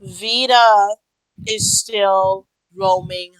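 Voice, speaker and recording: A woman's voice: medium pitch, fairly even intonation, drawn-out words, smooth, no echo, low-quality recording. Hesitant woman in casual voice chat. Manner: hesitant, searching for words with many fillers; indignant, swears.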